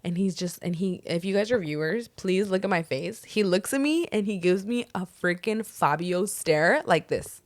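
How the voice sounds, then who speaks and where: A woman's voice: on the low side, expressive, normal speed, few pauses, no echo. A young woman co-hosting a podcast, animatedly retelling a work story with heavy "like" filler and Spanish phrases mixed in. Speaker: podcast co-host. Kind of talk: casual storytelling chat.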